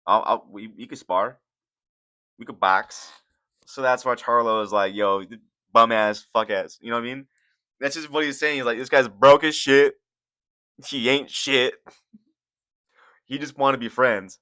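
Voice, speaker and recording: A man's voice: mid-range voice, unhurried, pauses often, bright, forceful tone. A young man hosting casual, profane reaction commentary on fight sports, rambling and laughing as he goes. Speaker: commentary channel host.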